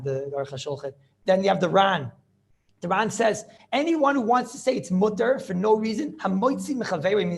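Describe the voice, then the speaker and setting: A man with a high, lively voice gives a Talmud study class at a quick clip. He sounds gravelly at times, repeats key phrases and argues back and forth with himself as he teaches. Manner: animated, repeats phrases, asks and answers his own questions.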